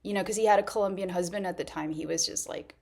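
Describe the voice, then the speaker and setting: Woman from Mexico, actress vlogger, gravelly, chatty, giggly. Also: on the low side, fast, darkish tone. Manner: rambling, laughs often. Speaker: actress and content creator. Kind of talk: casual vlog chat.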